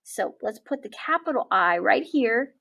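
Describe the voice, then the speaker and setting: Lively, high-voiced kindergarten teacher woman. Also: vocal fry. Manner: warm, encouraging, slow-spelling teacher talk. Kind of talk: early-years writing lesson.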